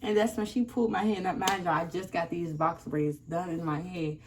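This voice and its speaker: A young woman vlogger telling a casual storytime, animated and acting out the people in it. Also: lowish voice, moderate pace. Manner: animated, acts out quoted people. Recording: slightly distant mic, faint noise.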